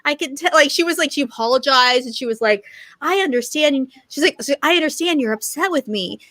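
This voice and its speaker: A woman co-hosting a comedy podcast, telling an animated story and acting out the voices she quotes. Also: high-pitched, brisk, dry recording.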